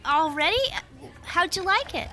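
An actress playing a practical, friendly young woman who asks quick, direct questions. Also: very high voice, bright, forceful tone. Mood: questioning. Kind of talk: radio drama acting.

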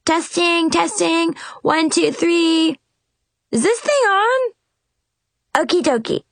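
A woman voicing a bubbly young fairy godmother who is bossy and flustered, with a high, chirpy delivery. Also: lively intonation, slow pace, dry recording, full character voice.

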